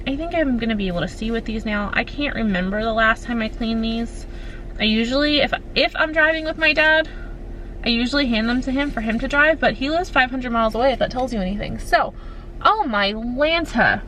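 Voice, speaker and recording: A woman's voice: fairly high pitch, pushed and bright, slight background noise, low-quality recording. A young woman, a teacher, chatting casually and upbeat in her vlog, talking into a phone camera from her car. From Maine, USA. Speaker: teacher vlogger.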